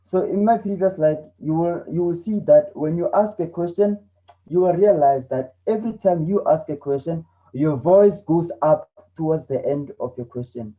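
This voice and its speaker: Man teacher doing an online lesson, patient, keeps saying okay, kinda high voice but really dark and mellow. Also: moderate pace, rough recording. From South Africa. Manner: patient, repetitive explaining with frequent "okay". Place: home.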